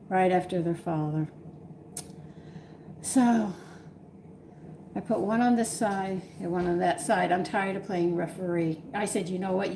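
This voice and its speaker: An older Texan woman hosts a home cooking live stream, chatting with viewers and laughing through exasperated stories from home. Her voice is medium-pitched and dark-toned, with slight background noise.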